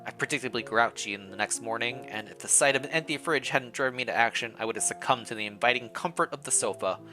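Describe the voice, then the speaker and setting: A man's voice: mid-range voice, fast talker, music in the background. A man streaming, casually reading a visual novel aloud and commenting, often laughing and correcting himself.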